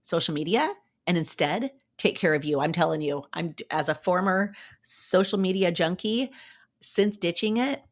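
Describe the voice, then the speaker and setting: A woman's voice: lowish voice, lively intonation, normal speed. Upbeat, chatty woman podcast host. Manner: upbeat, chatty, encouraging, with playful acted-out asides. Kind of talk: casual motivational talk.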